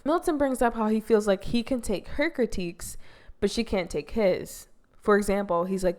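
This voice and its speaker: A woman's voice: medium pitch, darkish tone. A young woman casually recapping a reality show episode, talking in a loose, exasperated way and leaning heavily on "like". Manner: exasperated, heavy use of "like".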